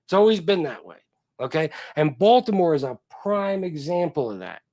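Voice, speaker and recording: A man hosts a casual livestream, rambling and cursing freely as he chats with his viewers. His voice sits a little high for a man and swings lively up and down. The sound is close and dry. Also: moderate pace, dry recording. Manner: rambling, profane, chatting with viewers. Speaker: livestream host. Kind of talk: casual chat.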